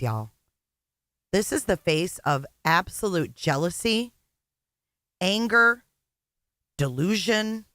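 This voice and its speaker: A woman's voice: on the low side, a bit bright, dry recording, clean studio sound. A woman co-hosting a casual livestream, blunt and exasperated, swearing freely.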